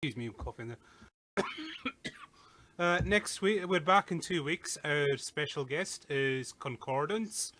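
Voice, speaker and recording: A man hosting a podcast, wrapping up casually with fillers and some halting. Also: fairly high pitch, expressive, bright, forceful tone. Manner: informal, a little halting, with fillers. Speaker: podcast host.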